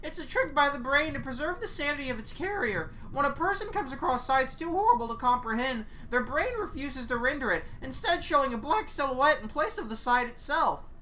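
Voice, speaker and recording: Played by a woman, a chipper guide rattles off eerie facts in a brisk, matter-of-fact way. The voice sits high, moves quickly and sounds bright. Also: lively intonation, a little hiss or hum. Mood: explaining.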